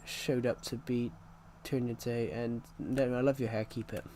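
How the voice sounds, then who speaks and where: A man's voice: medium pitch, little pitch movement, normal speed, warm tone, a little hiss or hum. Rambling man chatting over gameplay. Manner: rambling, repeats and corrects himself often. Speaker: gaming channel host. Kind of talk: casual gameplay commentary.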